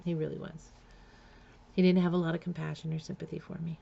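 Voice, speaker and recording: A woman's voice: sits low, level tone, fast, vocal fry, dark tone, husky, lo-fi sound. A woman frankly telling a personal life story in a blunt, confessional way. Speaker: memoir storyteller.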